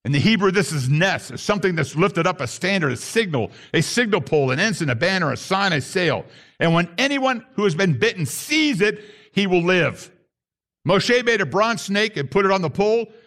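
A man with a high-pitched voice delivers a sermon from the pulpit. He reads scripture aloud and lifts his voice on the key points. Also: animated, normal speed, a bit bright. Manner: emphatic preaching, voice rises on key points. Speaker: pastor.

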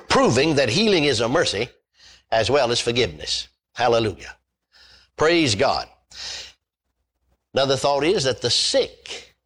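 A man's voice: mid-range voice, a bit bright, slightly rough. A man preaching a sermon, reading scripture aloud and stressing his points with repetition and the odd hallelujah. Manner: emphatic preaching, repeats points, interjects hallelujah.

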